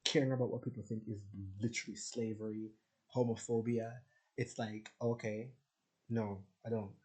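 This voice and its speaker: Brief: male vlogger, lowish voice, candid and profane, rambling monologue. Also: flat delivery, moderate pace, a little mellow, low-quality recording. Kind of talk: rambling personal rant.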